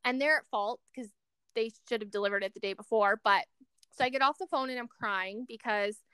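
A woman's voice: fairly high pitch, fairly quick, clean tone, no echo, studio quality. A young woman, co-hosting a podcast and telling a story in casual chat, acting out the voices of the people in it. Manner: animated storyteller who acts out quoted voices. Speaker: podcast co-host.

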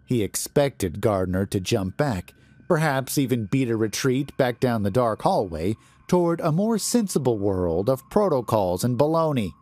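A man reading a horror story aloud in a deliberate, expressive manner. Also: mid-range voice. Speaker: narrator.

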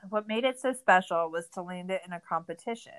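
In this rough recording, a woman in her thirties speaks fairly quickly in a lowish voice. As a podcast co-host, she casually recaps a documentary, ranting sarcastically with plenty of swearing and exasperation.

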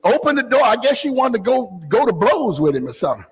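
A pastor preaching a fervent sermon, often rising to a shout and dropping into joking asides. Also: male voice, extremely high pitch, big pitch swings, fast talker, vocal fry, big-room sound, poor audio. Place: church sanctuary.

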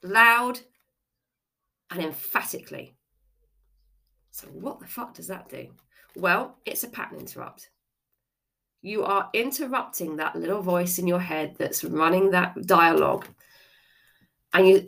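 A woman giving a self-help talk in a lowish, gravelly voice that swings through a wide range. She is frank and conversational and throws in the occasional swear word. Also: lively intonation, measured pace, pauses often, fairly bright tone. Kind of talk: motivational talk.

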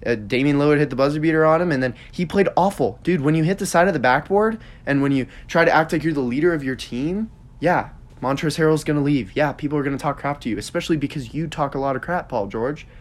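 A man's voice: fairly high pitch, fast talker. A young man hosting a podcast, rambling through sports opinions in casual chat with lots of fillers. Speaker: podcast host.

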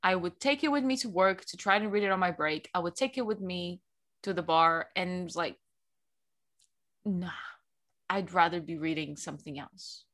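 A young woman from Portugal co-hosting a book podcast, chatting in a lively, self-mocking way. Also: fairly low pitch, a little fast. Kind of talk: casual chat.

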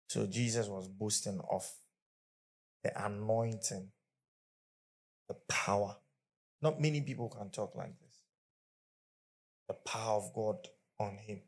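A male pastor preaching a sermon to a church congregation, leading call-and-response and speaking emphatically with bursts of laughter. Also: on the low side.

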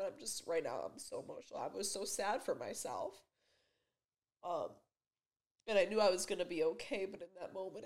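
A young woman in her twenties speaks to the camera in her bedroom for a personal vlog. Her voice sits a little low, and her emotional, halting delivery is full of fillers and restarts. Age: 20s. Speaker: vlogger. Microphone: camera mic.

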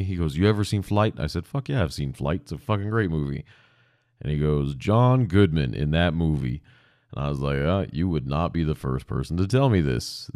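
A man's voice: very deep voice, a little mellow, dry recording, studio quality. A young man hosting a podcast, rambling casually and self-deprecatingly with lots of swearing. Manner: profane, self-deprecating, digressive. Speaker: podcast host. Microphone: podcast microphone.

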